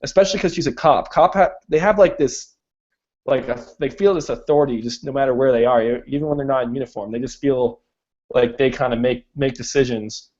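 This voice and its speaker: A man's voice: medium pitch, a little fast, darkish tone. A young man co-hosting a podcast in casual chat, talking with many restarts and fillers. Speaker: podcast co-host. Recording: dull lo-fi recording.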